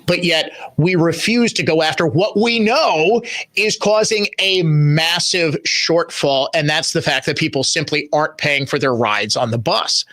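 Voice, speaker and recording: A middle-aged man hosts talk radio, pressing each point with emphatic repetition. His voice sits a little high and rings bright and forceful. The studio sound is close and dry. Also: unhurried, no room sound. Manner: emphatic, repeats phrases for stress. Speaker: radio talk show host. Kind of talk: opinionated talk radio monologue.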